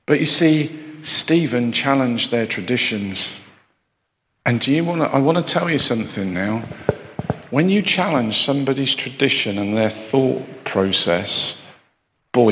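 A man delivers a sermon in a conversational way, breaking off for asides and rhetorical questions to his listeners. His voice has a gravelly edge. The recording carries the long reverb of a large hall. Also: mid-range voice, lively intonation, a little slow, a bit bright, slight background noise. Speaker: preacher.

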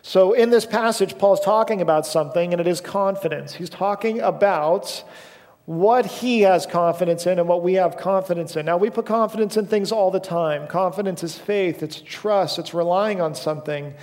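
A man's voice: high voice, darkish tone, in a large hall. A young man preaching a sermon in a church, telling a story casually and self-deprecatingly with lots of fillers. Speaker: pastor. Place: church sanctuary.

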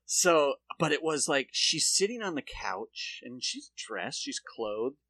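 On a comedy podcast, a co-host with a fairly high male voice talks slowly, recorded without room sound. He's an animated storyteller spinning a long tale, laughing a lot and cursing freely in relaxed banter.

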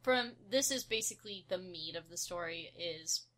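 Chatty woman with a bright voice. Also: lowish voice, animated. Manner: chatty, lots of "like", quick bursts of outrage. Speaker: podcast co-host. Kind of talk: casual movie discussion.

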